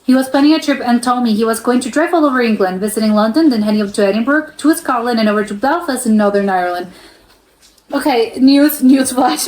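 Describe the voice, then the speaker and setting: A woman's voice: a little high, animated, a little fast, darkish tone, roomy sound, rough recording. A woman from the United States hosting a reaction video, reading posts aloud and adding chatty, laughing asides.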